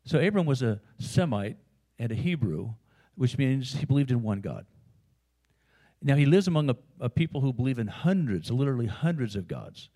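A man's voice: mid-range voice, very animated, normal speed, warm tone. American pastor guy chatting through a sermon, lots of uh and you know, regular middle voice. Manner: conversational storytelling with asides and fillers.

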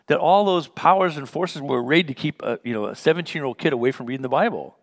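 This man's voice is fairly high and fast as he leads a Bible study in a conversational teaching style. He shares stories from his life, acting out what was said and chuckling.

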